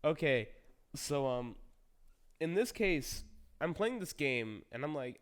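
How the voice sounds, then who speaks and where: A young man streams and chats casually about games, rambling through stories and acting out the quoted lines. His voice is medium in pitch, animated, and moderately paced.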